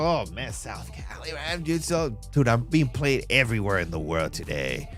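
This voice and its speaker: A man hosting a live trading stream, walking through charts and shouting out viewers in a casual, slangy, emphatic way. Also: expressive, moderate pace, hardly any pauses, soft background music. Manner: emphatic, hype-driven pitch to viewers. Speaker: livestream trading host. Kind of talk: live chart walkthrough and chat shout-outs.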